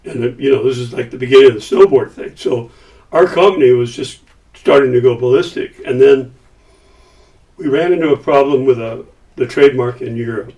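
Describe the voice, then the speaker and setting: A man's voice: medium pitch, a little fast, recorded from a distance, dull audio. An older man, a podcast guest, telling a long story in a casual way and acting out the quoted lines. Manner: lively, acts out quotes in his stories.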